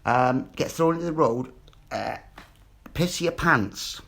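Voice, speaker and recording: Gravelly, husky man ranting. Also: fairly high pitch, slow, a bit bright. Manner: agitated, sweary, repeats himself. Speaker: vlogger. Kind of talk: rambling monologue.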